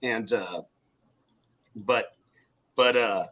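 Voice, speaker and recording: A man co-hosting a podcast in casual chat, telling animated stories and swearing freely. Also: on the low side, very slow, muffled recording. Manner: animated storyteller acting out quoted people, swears freely. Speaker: podcast co-host.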